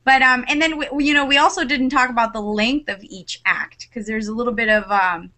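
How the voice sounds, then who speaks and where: A woman's voice: fairly high pitch, brisk, sharp tone. A woman co-hosting a podcast in casual chat, wry and teasing. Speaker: podcast co-host.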